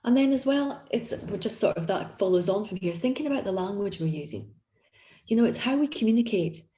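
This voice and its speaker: A woman's voice: medium pitch, expressive, a little fast, warm tone, reverberant. A woman coaching an online group session on confidence, talking in an encouraging, conversational way with frequent restarts. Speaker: executive coach.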